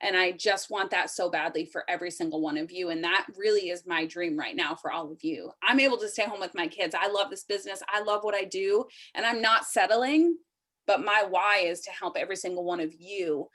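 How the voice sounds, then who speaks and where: Over a video call, a woman in her thirties leads her sales team through an emotional, urgent pep talk, practically pleading with them. Her voice is on the low side but fairly bright, and she speaks a little quickly.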